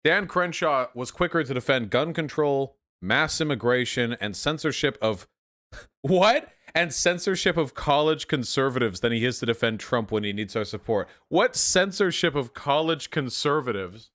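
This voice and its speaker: Young man, livestream host, sarcastic, swearing, animated, mid-pitched voice. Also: normal speed, few pauses. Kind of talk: casual livestream commentary.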